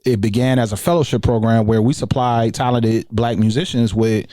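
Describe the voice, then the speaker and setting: Relaxed man, mellow voice. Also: medium pitch, moderate pace, no room sound, studio quality. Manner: relaxed, conversational, many fillers. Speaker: guest, education researcher. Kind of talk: casual podcast interview.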